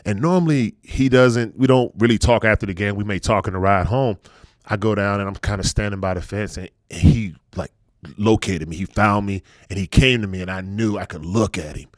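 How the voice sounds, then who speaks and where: On a podcast, a middle-aged host chats casually and tells earnest personal stories, quieting down in his reflective moments. He talks briskly in a lowish voice, and the audio is studio quality without echo.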